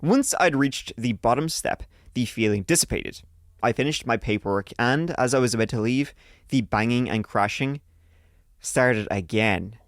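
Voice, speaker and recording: A man's voice: mid-range voice, normal speed, dry recording, clean studio sound. A man hosting a podcast, reading a listener's ghost story aloud in a casual way, swearing freely and joking between lines. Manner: swears freely, breaks off to joke mid-story.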